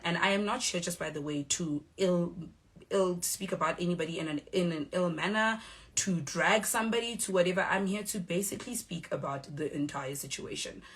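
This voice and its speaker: A young woman with a South African accent, giving a measured, firm statement straight to the camera. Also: low voice. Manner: measured, firm, acts out quoted exchanges. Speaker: reality show cast member.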